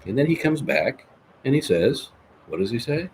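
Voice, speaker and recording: A man's voice: medium pitch, sing-song, moderate pace, creaky, darkish tone, a little hiss or hum. A man hosting a live podcast in casual, jokey, rambling chat, reading out viewer comments. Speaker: podcast host.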